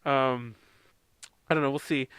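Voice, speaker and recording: A man's voice: medium pitch, fairly even intonation, a little slow, a bit bright, smooth, no echo. An American man co-hosting a podcast in casual chat, rambling, laughing often and swearing freely. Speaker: podcast co-host.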